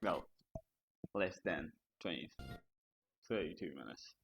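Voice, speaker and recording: A man's voice: low voice, expressive, slow pace, background noise. A man streaming a game, mumbling commentary to himself with self-deprecating asides. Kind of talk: casual gameplay commentary.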